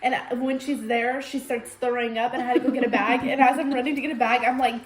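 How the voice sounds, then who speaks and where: A chatty young woman co-hosting a casual vlog, talking at a brisk clip and laughing easily. Her voice sits a little high. The sound bounces around a roomy space. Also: little pitch movement, a little hiss or hum. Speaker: vlog co-host. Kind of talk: casual chat.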